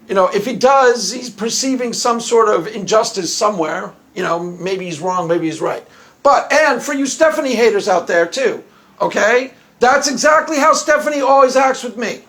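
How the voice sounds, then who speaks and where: High-voiced joking male commentator. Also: a bit bright. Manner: joking, rambling, repeats phrases. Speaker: YouTube commentator. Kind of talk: casual commentary.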